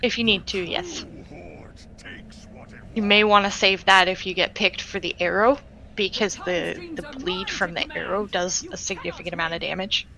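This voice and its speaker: A woman acting as raid leader who calmly explains game tactics over voice chat, using many fillers. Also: mid-range voice, moderate pace, vocal fry, poor audio. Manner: patient, instructive, with many fillers.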